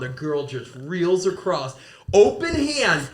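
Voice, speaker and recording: A man, a podcast co-host who works as a bouncer, telling animated, laughing stories in casual chat, recorded in a bar. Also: a little high, normal speed. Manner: animated, laughing, acts out quoted lines.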